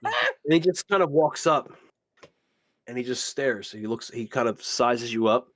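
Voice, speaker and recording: A man running a tabletop game as game master, narrating in an animated, casual and profane way. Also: mid-range voice, measured pace.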